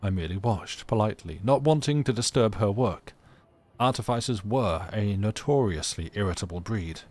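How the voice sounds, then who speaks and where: A man's voice: on the low side, animated, moderate pace, darkish tone. A man streaming a story game live, reading its narration aloud with casual, chatty asides and playful restarts.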